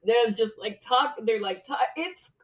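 A woman with a high voice, chatting casually and dropping wry asides. She laughs often as she talks. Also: lively intonation, a little slow. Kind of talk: casual chat.

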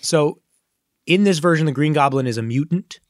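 A man co-hosting a podcast, chatting casually and explaining comic lore in an animated, nerdy way. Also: fairly high pitch, moderate pace, no echo, studio quality. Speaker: podcast co-host. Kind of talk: casual chat.

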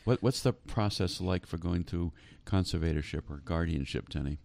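A man's voice: low-pitched, normal speed, gravelly, a little mellow. A man hosting a talk show interview, asking earnest questions with frequent hesitations. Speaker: host.

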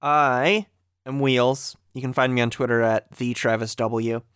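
A man's voice: medium pitch, fairly even intonation, a little slow, a bit bright, smooth, dry recording. A young man co-hosting a casual podcast, easygoing and matter-of-fact, with dry asides. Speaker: podcast co-host.

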